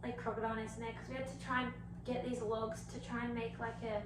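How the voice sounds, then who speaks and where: A young woman chatting casually with a bright, high voice, acting out other people's lines as she laughs through a travel story. She sits a little back from the mic in a very echoey room with faint hiss. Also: little pitch movement, fast talker, distant mic. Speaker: podcast co-host. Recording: roomy echo, a bit off mic, faint hiss.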